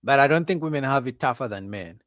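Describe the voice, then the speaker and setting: Speaking quickly in a dry, clean studio recording, a male livestream host delivers a casual, emphatic opinion monologue packed with repetition and asides like "right?". He's animated and mimics women's voices in a high, mocking pitch.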